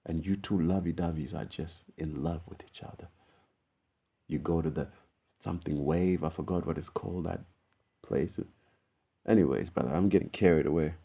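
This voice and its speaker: Deep, rambling guy. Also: normal speed, pauses often, mellow, breathy edge. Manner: rambling, keeps saying "bro". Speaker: vlogger. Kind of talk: casual chat to camera.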